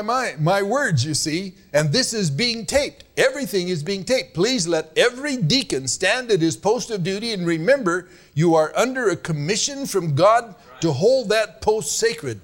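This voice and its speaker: A male pastor preaching to his congregation in an earnest, admonishing way. His voice sits a little high for a man. He stretches out the words he wants to land. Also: expressive. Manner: earnest, admonishing, drawn-out emphasis. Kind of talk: sermon.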